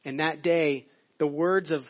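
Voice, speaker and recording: A man's voice: on the high side, steady tone, measured pace. A male pastor giving a sermon in a conversational, storytelling way. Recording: dull lo-fi audio.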